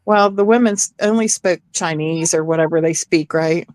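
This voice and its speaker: A woman's voice: fairly low pitch, normal speed, no echo. Middle-aged woman gabbing away, acts out the quotes, dry close sound. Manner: animated storyteller, acts out quotes. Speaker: chat participant. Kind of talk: casual chat.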